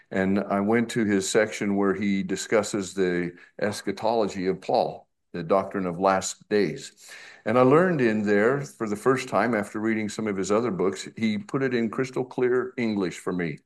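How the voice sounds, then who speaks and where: A middle-aged male pastor preaching an expository sermon, slow and emphatic, with conversational asides. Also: on the low side.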